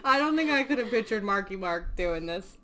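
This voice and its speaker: A woman's voice: medium pitch, expressive, a little fast, a crowd in the background. A young woman hosting a casual podcast, recapping a film in a chatty way, laughing often and swearing casually. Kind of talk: casual chat.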